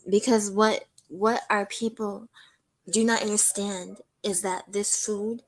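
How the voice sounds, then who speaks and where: A young woman calling in to a live talk show, sharing a painful personal story in an earnest, halting way with many restarts. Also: mid-range voice, fairly even intonation, rough recording. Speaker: caller. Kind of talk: emotional personal testimony on a call-in show.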